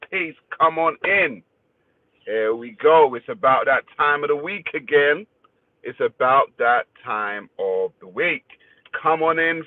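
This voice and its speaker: A man's voice: fairly high pitch, no echo. A man hosting a casual livestream, greeting viewers by name, reading their comments and swearing freely. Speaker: livestream host. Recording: dry, phone-like thin sound.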